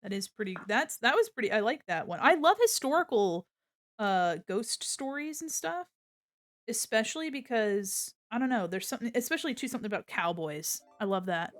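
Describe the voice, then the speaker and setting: A woman's voice: a little high, very animated, moderate pace, no room sound. A woman hosting a stream who chats casually and rambles, distracted while she beads small crafts. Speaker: streamer host.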